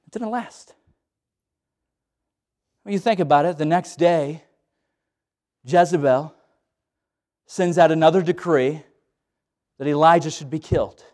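A man's voice: on the high side, darkish tone. A man preaching a sermon in a folksy, dramatic way, acting out the scenes he tells.

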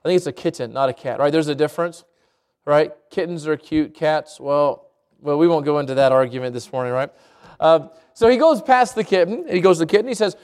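A middle-aged pastor retelling a children's story in a casual, chatty sermon with asides to the congregation. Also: male voice, a little high, fast, darkish tone.

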